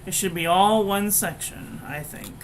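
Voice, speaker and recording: A woman's voice: medium pitch, a little slow, slight background noise, rough recording. A woman giving a casual, blunt and frankly profane review of pens and paper. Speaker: stationery reviewer.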